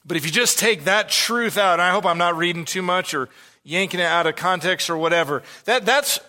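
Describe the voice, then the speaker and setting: A male pastor delivers a verse-by-verse sermon in a bright, forceful voice set a little high for a man. He talks earnestly and with animation, and he briefly acts out the people he quotes. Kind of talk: expository sermon.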